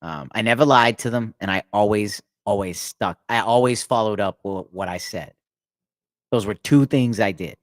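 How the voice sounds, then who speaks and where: A man telling stories about his past work in a casual chat, animated and laughing often. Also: moderate pace, no room sound. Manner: animated, laughs often, acts out inmates in a loud high voice. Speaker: podcast guest. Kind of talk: casual storytelling.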